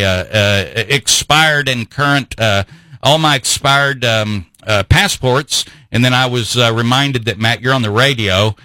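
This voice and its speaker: A man's voice: medium pitch, sharp tone, dry recording, poor audio. A man hosting a talk radio show, delivering an impassioned political monologue full of rhetorical questions. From grew up in Vienna.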